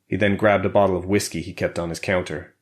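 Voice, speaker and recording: A deep, low male voice narrating a thriller audiobook. He reads steadily and evenly, keeping his tone controlled through the action. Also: fairly even intonation, fast. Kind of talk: scripted narration.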